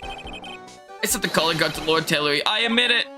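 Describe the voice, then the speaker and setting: A woman's voice: sits low, animated, normal speed, music in the background. A woman voicing a nervous young male defendant who keeps insisting he is guilty, in a whiny, eager voice.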